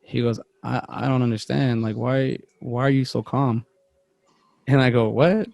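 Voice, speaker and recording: A man's voice: mid-range voice, measured pace, gravelly, no echo. A man on a podcast telling a long work story in casual chat, rambling and acting out the voices of the people in it. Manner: rambling, animated, acts out quotes, self-interrupting. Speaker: podcast co-host.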